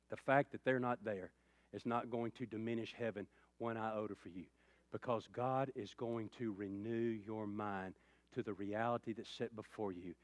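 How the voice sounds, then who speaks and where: Impassioned pastor preaching. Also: male voice, on the low side, dry recording. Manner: impassioned preaching, rising loud then dropping to hushed tones. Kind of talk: sermon.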